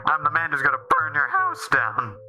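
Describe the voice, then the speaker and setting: A man doing an impression of a blustering, boastful middle-aged male company boss, pitched up and indignant. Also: wildly swooping pitch, normal speed, sharp tone, soft background music, full character voice.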